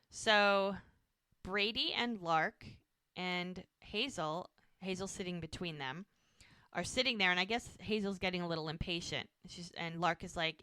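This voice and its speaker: A woman's voice: fairly low pitch, normal speed, bright, forceful tone, clear, resonant tone, no echo. A woman co-hosting a podcast, casually retelling a TV episode and acting out the characters' lines with lots of "like". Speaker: podcast co-host.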